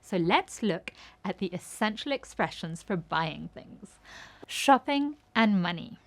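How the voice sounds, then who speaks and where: A woman's voice: medium pitch, very animated, unhurried. A woman narrating a scripted language lesson, saying each phrase and then its translation, with short words of encouragement. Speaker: language teacher.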